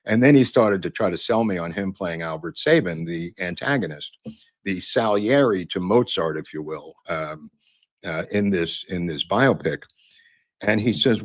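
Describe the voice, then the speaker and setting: A man's voice: low-pitched, moderate pace, no echo, studio quality. An older man hosting a podcast, telling rambling showbiz anecdotes in a chatty way, with lots of "uh" and "um" fillers. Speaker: podcast host.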